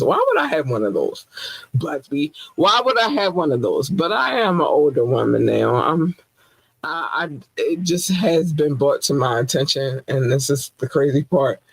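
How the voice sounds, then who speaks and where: A woman in her forties hosting a podcast in casual, animated chat, playful and full of sudden swoops up in pitch. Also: husky, no room sound, poor audio. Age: 40s. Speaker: podcast host.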